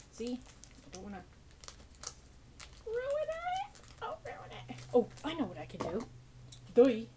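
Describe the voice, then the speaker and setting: Slight background noise accompanies a woman's medium-pitched, darkish voice as she hosts a casual podcast. She chats through opening her mail, gushing, laughing often, and sarcastically mocking herself.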